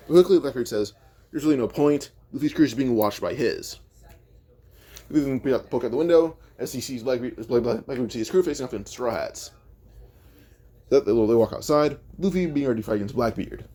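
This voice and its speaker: A man's voice: mid-range voice, mellow. A man casually retelling a fan-made story, rambling and thinking aloud as he goes, often correcting himself.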